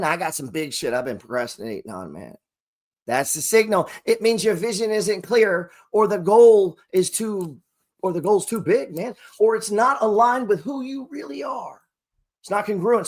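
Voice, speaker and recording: A middle-aged man with a high-pitched voice gives a motivational talk to camera. He talks in street slang and swears freely while coaching listeners on trading and money. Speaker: trading coach and channel host.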